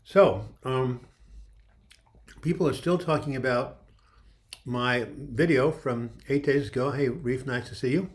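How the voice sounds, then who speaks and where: A man's voice: mid-range voice, unhurried, long pauses. A man in his seventies hosting a casual livestream, rambling and joking as he greets viewers by name, his throat a little dry. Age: 70s. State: dry throat with occasional coughing. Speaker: livestream host.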